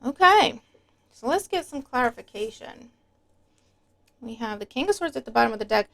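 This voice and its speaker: A woman's voice: on the high side, lively intonation, normal speed, creaky, fairly bright tone. A woman giving a casual tarot reading to her viewers, chatty and emphatic, sometimes breaking into a rant. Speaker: tarot reader.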